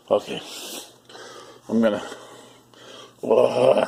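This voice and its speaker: A man's voice: mid-range voice, a little slow, creaky, pauses often, breathy edge. A man vlogging off the cuff, rambling and repeating himself, swearing a lot and joking around. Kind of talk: casual off-the-cuff vlog.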